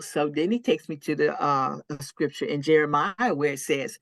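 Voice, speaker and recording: A woman's voice: low voice, normal speed, hardly any pauses, no room sound, studio quality. A woman, a licensed minister, telling her personal testimony in an interview in an earnest way, acting out her own past words with sudden rises in voice.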